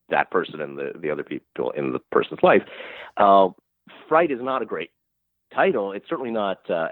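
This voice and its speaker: Guy talking books, pitch jumps all over, low voice, sounds like a thin phone line. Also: dry recording. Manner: animated, chatty, wry asides. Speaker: guest, crime fiction publisher and writer. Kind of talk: conversational interview.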